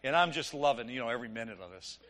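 A middle-aged man preaching, telling an animated, joking story and acting out the dialogue. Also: mid-range voice, very fast. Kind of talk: sermon storytelling.

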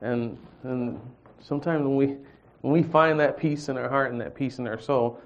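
Man giving a lively church testimony, mid-pitched voice, muffled lo-fi recording. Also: moderate pace. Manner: animated storyteller, acts out dialogue, chuckles. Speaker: church group speaker. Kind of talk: personal testimony and scripture reading.

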